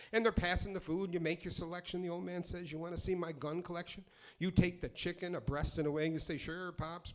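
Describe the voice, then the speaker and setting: A man's voice: fairly high pitch, fairly bright tone. A middle-aged man performing live, chatting loosely between pieces and delivering rhyming, profane, sardonic spoken word in a driving rhythm.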